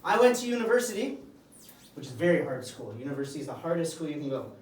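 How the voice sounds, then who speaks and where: A man's voice: on the high side, sing-song, fast talker, slight background noise. A man teaching a classroom of young students, speaking in simple, emphatic phrases. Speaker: English teacher. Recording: echoey classroom from far off.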